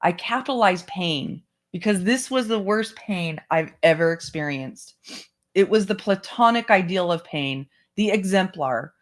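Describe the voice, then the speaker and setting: Measured memoir reading by a book club host. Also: medium pitch, expressive. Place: home setup, online stream.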